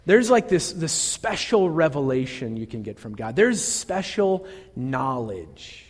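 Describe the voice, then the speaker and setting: A man's voice: mid-range voice, very animated, unhurried, big-room sound. A male pastor preaching a sermon in an earnest, conversational way, full of fillers and restarts.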